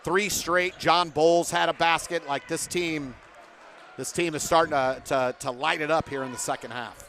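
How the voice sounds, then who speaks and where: A man's voice: a little high, fairly even intonation, moderate pace, fairly bright tone, a little hiss or hum. Chatty man calling a basketball game. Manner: chatty, interviews guests between plays. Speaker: play-by-play announcer. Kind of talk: basketball play-by-play commentary. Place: broadcast booth at a gym.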